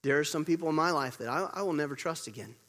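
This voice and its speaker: A man preaching a sermon as pastor, moving between loud urgent storytelling and quiet hushed emphasis, repeating words to drive points home. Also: on the high side, fast. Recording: long reverb of a large hall.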